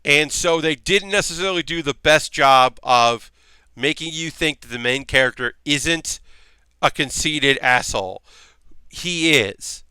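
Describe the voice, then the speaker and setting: A man with a bright, smooth voice rambles casually through a livestream, swearing freely and answering chat as he goes. The sound is dry and close, with no room around it. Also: fairly high pitch, expressive, a little slow, no room sound. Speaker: livestream host.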